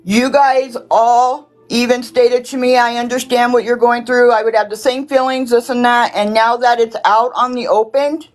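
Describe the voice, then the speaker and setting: A woman with a fairly high voice defends herself insistently and sounds aggrieved. Faint music plays behind her. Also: steady tone, normal speed, few pauses, low-quality recording. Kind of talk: emotional defensive monologue.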